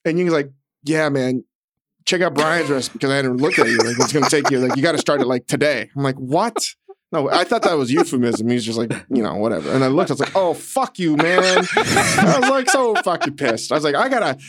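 A man co-hosting a podcast in casual chat, ranting with animated, profane, comic exasperation. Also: medium pitch, fairly quick, slight background noise. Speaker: podcast co-host.

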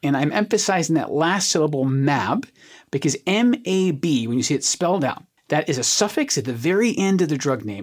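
An oncologist explaining medical research on a podcast in an animated way, leaning on everyday analogies. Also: mid-range voice, fairly quick.

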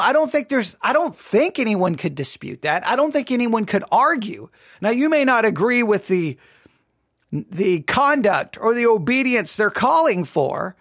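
A man hosting a solo Bible teaching show, talking deliberately, repeating key phrases, and restarting sentences often. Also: very high-pitched, a bit bright, no echo, clean studio sound.

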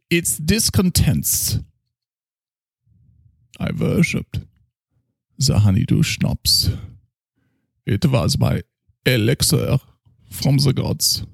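A man's voice: mid-range voice, gravelly, breathy edge, dry recording, clean studio sound, voice pushed up, heavily acted. A man doing a tipsy German psychoanalyst. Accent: put-on German. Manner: slow, grandiose, slurring boasts. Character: tipsy pompous male German psychoanalyst, boastful. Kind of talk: improvised comedy character.

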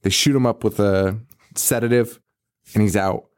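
A man's voice: fairly low pitch, fairly even intonation, moderate pace, clear, resonant tone, no echo, clean studio sound. A man co-hosting a podcast, chatting casually about a movie, laughing often, swearing and acting out the characters' lines. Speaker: podcast co-host. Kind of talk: casual chat recapping a movie.

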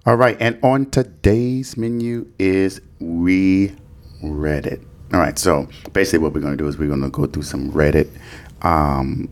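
A man hosting a podcast in casual chat, relaxed and joking. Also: low voice. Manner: relaxed, laid-back, joking. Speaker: podcast host.

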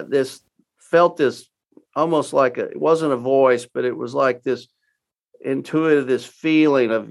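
This interview guest is an older man from Texas with a creaky, mid-range voice. He relates his story folksily but haltingly, with lots of fillers and frequent restarts.

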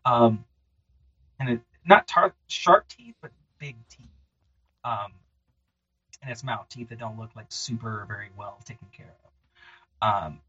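A man narrating as game master for a tabletop game, relaxed and halting, with lots of fillers. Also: medium pitch, husky. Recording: muffled lo-fi recording.

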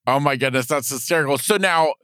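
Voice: medium pitch, fast talker, a bit bright, dry recording, clean studio sound. An upbeat interview host asking questions.

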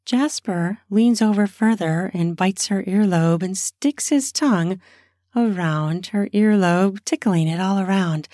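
A woman's voice: mid-range voice, measured pace, mellow, no echo, clean studio sound. A woman improvising an erotic story off the cuff, narrating in a spontaneous, conversational way.

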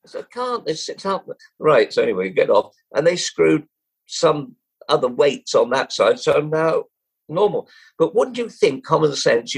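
Older male guest storyteller: gravelly, husky, animated delivery, throws in voices for the people he quotes. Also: medium pitch, rough recording. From England. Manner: lively, acts out quoted voices, chuckles, restarts often. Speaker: guest, former jockey and racing broadcaster. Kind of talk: anecdotal storytelling.

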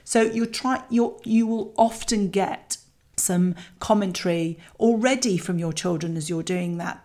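A middle-aged woman, coaching parents in a chatty, candid way with lively asides. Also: mid-range voice. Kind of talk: talking to parents about a child exercise.

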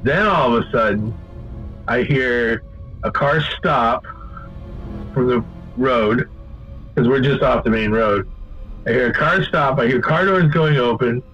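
Man, casual storyteller, rambling and profane, mid pitch, dull lo-fi recording with faint music. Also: measured pace, long pauses, slightly rough. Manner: profane, rambling, animated when quoting. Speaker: guest telling a story.

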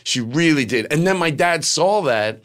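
A man's voice: fairly high pitch, lively intonation, normal speed, a bit bright. A middle-aged man, a comedian, telling a rambling personal story with lots of quoted dialogue. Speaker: guest comedian. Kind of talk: casual storytelling.

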